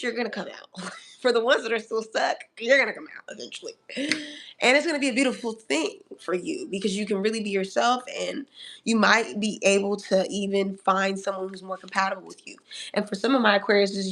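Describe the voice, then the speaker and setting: A woman giving a live tarot reading in a sassy, animated way, calling listeners honey and darling and laughing often. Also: mid-range voice, brisk, a little hiss or hum. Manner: laughs often between remarks. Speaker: tarot reader.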